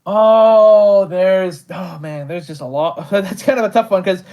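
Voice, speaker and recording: A man's voice: high-pitched, unhurried, mellow. A man chatting casually in an interview about voicing characters. He rambles with lots of fillers, laughs often and pokes fun at himself. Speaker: creator and voice actor of an animated show.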